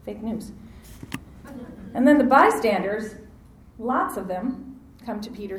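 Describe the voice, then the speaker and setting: A woman preaching a sermon, lively and acting out the voices in the story, calling on her listeners to answer back. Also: mid-range voice, moderate pace, reverberant, poor audio. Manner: animated, acts out quoted voices, asks audience to respond.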